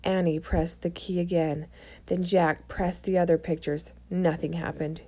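A woman's voice: lowish voice, level tone, a little slow, warm tone. A woman reading a children's chapter book aloud, chatting to young listeners between chapters. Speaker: storybook reader.

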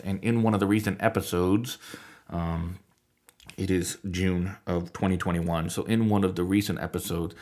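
A man hosting a podcast, talking through a scripted monologue with wry asides and frequent self-interruptions. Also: sits low. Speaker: podcast host teaching on Bible languages.

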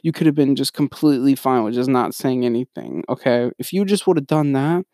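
Speaking fairly quickly and expressively, a young man with a warm, mid-range voice co-hosts a podcast full of casual ranting. He rambles, repeatedly starts sentences over, and gets sidetracked, all captured in echo-free studio quality.

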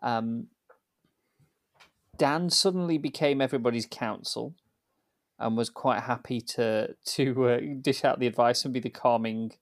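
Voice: medium pitch, measured pace, no room sound. Teasing podcast co-host in a dry room. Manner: teasing, laughs often, steers the show. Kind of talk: casual chat.

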